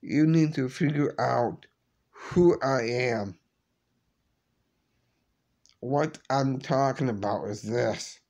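Tearful man, slow and halting, apologizing to camera, mid-pitched. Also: a little mellow. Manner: halting, repeats and restarts words; apologetic, subdued. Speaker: vlogger. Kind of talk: emotional personal vlog.

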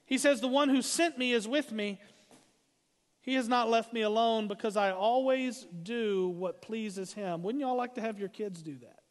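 A man preaches from the pulpit in a high, ringing voice. He leans hard into his points and slows down to read the scripture. The sound carries the long reverb of a church sanctuary. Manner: emphatic preaching, slowing for scripture readings. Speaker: pastor. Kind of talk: sermon.

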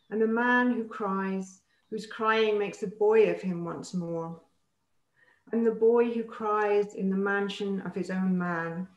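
A woman giving a poetry reading, reciting slowly and deliberately with weighty pauses. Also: mid-range voice. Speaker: poet reading aloud. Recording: roomy echoey recording.

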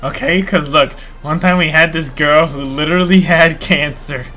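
A man's voice: a little high, fairly even intonation, normal speed, pushed and bright, soft background music. A man streaming a game live, chatting casually, joking, swearing and laughing often.

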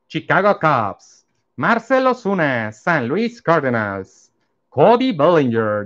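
Slow man reading out baseball cards. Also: on the high side, fairly bright tone, lo-fi sound. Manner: slow, reads out each card name and team. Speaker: card collector opening packs. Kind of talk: casual card-opening commentary.

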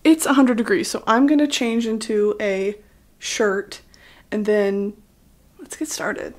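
A woman's voice: mid-range voice, steady tone, slow. A woman in her twenties chatting casually and sarcastically while decorating her bedroom, sweaty and lightheaded, often laughing at herself. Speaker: YouTuber. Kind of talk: casual vlog chat.

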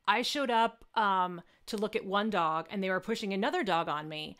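A woman with a smooth, resonant voice, co-hosting a live stream. She reads out the chat and reassures her friend with sympathy. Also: medium pitch, moderate pace, fairly bright tone. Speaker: co-host reading chat.

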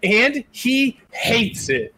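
A man with a high voice tells the story of a wrestling match on a casual podcast. He keeps an animated, laughing delivery. The sound is dry and close to the mic. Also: drawn-out words, no room sound, rough recording. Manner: animated storyteller, laughs often, shouts impressions. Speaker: podcast co-host recapping wrestling.

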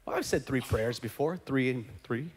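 A male pastor preaching a sermon, animated, rising to shouts at the peaks. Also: mid-range voice, normal speed, slightly rough. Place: church sanctuary. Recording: reverberant church hall.

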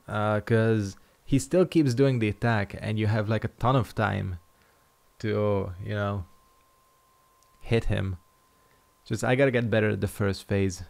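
A man's voice: lowish voice, vocal fry. A man giving casual gameplay commentary as a gaming YouTuber, sarcastic and swearing through frustrated outbursts.

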